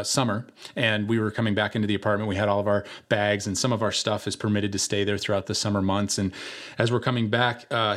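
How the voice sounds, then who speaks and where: A young man preaching a sermon, telling a personal story in a relaxed, conversational way with many filler words. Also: lowish voice. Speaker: pastor.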